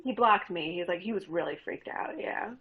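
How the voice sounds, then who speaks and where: A woman's voice: fairly low pitch, fairly quick, phone-quality sound. A woman comedian telling candid stories in a casual interview, laughing often as she talks. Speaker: guest comedian.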